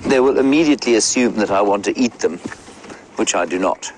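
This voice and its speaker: A man's voice: fairly low pitch, brisk, slight background noise, rough recording. A middle-aged man working as a safari guide, chatting live outdoors in a wry, wordy way and answering viewer questions. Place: outdoors in the bush beside a safari vehicle.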